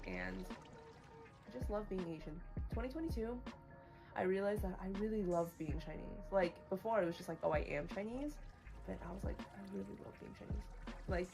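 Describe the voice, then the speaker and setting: A woman's voice: mid-range voice, creaky. A woman livestreaming, chatting casually about books she has read, bluntly opinionated and full of "like". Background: music playing.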